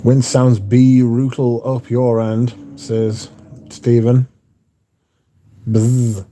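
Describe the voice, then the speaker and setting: A laid-back man hosting a livestream from home, reading viewer comments aloud and joking back with an easy, profane banter. His voice sits at an ordinary pitch with a dark, mellow tone, and a faint hum of ambient noise lies under it. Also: level tone, very slow. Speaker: livestream host reading chat. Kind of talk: casual chat. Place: indoors at home.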